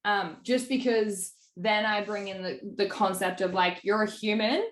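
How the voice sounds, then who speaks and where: A woman coach talks through sales calls in an easy, chatty way, leaning on fillers. Her voice sits at a middle pitch. The room around her is roomy and echoey. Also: fairly even intonation, measured pace. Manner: chatty, filler-heavy, acts out client quotes. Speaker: business coach. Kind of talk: casual coaching call.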